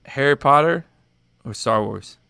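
Bright-voiced joking podcast host man. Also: medium pitch, animated, vocal fry, clear, resonant tone, dry recording, clean studio sound. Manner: joking, profane, quizzing quickly. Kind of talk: casual podcast chat.

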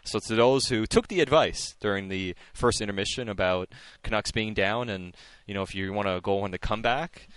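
A man's voice: mid-range voice, fairly bright tone, dry recording. A male sports radio host talks in a middle register, loose and chatty, often laughing and stumbling into restarts. The studio sound is dry and close. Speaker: radio postgame show host. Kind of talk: casual sports radio chat.

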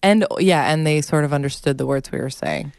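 A woman in her thirties co-hosting a podcast, chatting in a teasing, quick way. Her voice is low and smooth. It is recorded dry and close to the mic. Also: a little mellow, dry recording. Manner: teasing, quick, laughing often. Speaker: podcast co-host. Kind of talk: casual chat.

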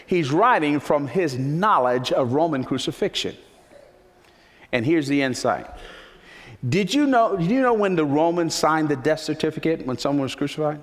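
A man's voice: on the high side, lively intonation, normal speed. Emphatic male preacher in a reverberant hall. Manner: emphatic preaching, repeating key phrases. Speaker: pastor. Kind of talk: sermon. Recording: long reverb of a large hall.

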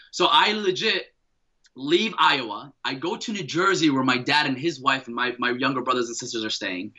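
Bright-voiced man telling a story. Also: medium pitch, a little fast, low-quality recording. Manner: energetic, repeats words, uses casual slang. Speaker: podcast guest. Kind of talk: animated personal storytelling.

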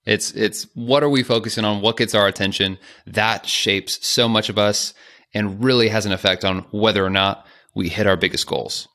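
Bright-toned man co-hosting a podcast. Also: on the low side, fairly even intonation, normal speed. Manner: joking, chatty, self-aware asides. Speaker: podcast co-host. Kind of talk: casual podcast chat.

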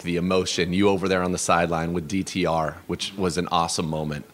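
A man's voice: low voice, little pitch movement, fast talker, few pauses, a bit bright, slight background noise. A man hosting a sports radio show, asking long, enthusiastic questions.

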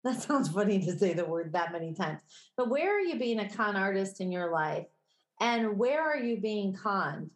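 A woman with a Midwestern accent co-hosting a casual podcast chat, candid and quick to laugh. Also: mid-range voice, big pitch swings. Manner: chatty, laughs often, candid. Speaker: podcast co-host. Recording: echoey room.

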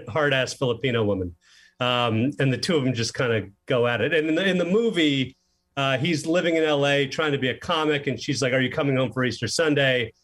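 A man being interviewed as a film director, telling stories in a casual, animated way and acting out the lines he quotes. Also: mid-range voice. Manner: animated storyteller who acts out quoted lines.

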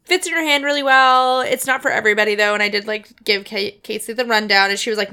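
A young woman co-hosting a casual podcast, playful and teasing, telling stories in an animated way. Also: on the high side, quick pace, hardly any pauses, smooth. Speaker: podcast co-host. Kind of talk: casual chat.

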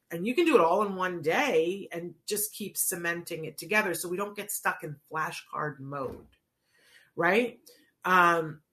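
Parents get casual coaching on building a child's vocabulary from a woman whose voice is fairly low and sharp in tone. She's a child language therapy coach, and her conversational explanations are dotted with frequent "right?" check-ins.

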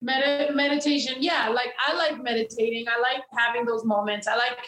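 A woman talking casually and frankly, swearing freely and rambling through her thoughts with plenty of "like"s. Her voice sits a little high. The room is echoey, with faint noise behind. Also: fairly even intonation, brisk, a bit bright. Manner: candid, profane, rambling with many fillers. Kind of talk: casual chat.

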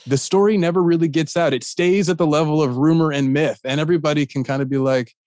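Male podcast host, animated casual storyteller, dry studio sound. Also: fairly high pitch, fast talker, dry recording. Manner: animated, acts out quoted voices.

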